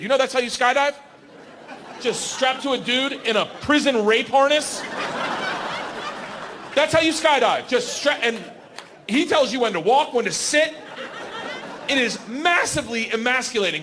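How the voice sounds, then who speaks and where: A man in his forties doing rowdy, profane stand-up, acting out every scene. His voice sits high, and the live club recording is noisy. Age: 40s. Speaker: stand-up comedian. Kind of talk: stand-up storytelling. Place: comedy stage before a live crowd.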